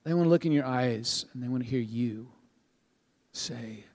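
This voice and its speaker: A male pastor giving a sermon to his congregation in a conversational, animated way, with frequent restarts. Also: mid-range voice, normal speed. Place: church sanctuary with a live congregation. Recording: long hall reverb.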